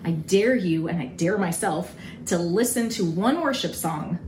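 A woman's voice: on the low side, animated, a little slow, a little mellow. Storytelling woman in an echoey room. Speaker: co-host of a faith talk show. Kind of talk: casual storytelling chat. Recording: echoey room with faint noise.

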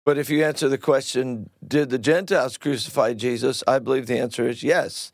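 A pastor speaks firmly in a casual faith discussion, driving his points home and cutting in quickly. His voice sits mid-range. The recording is dry and close. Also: mid-range voice, no echo. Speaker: pastor and co-host.

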